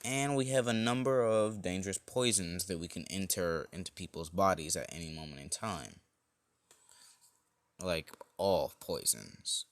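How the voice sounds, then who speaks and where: A man's voice: low voice, unhurried, dry recording. A man voicing a male alien symbiote creature who mentors a boy, in a casual, offhand fan-story voice. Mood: confident.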